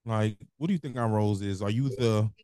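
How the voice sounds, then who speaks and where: A man's voice: fairly low pitch, brisk, dark tone, no room sound. A young man with a Mississippi accent, co-hosting a podcast in casual, rambling banter full of slang. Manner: laid-back, rambling storytelling with slang. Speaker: podcast co-host.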